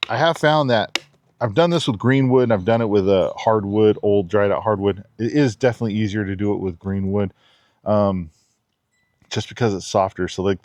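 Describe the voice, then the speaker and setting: Laid-back low-voiced man demoing a knife. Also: a little mellow, no echo. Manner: chatty, laid-back, giggly asides. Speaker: knife reviewer. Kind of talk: casual outdoor demo talk. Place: backyard outdoors.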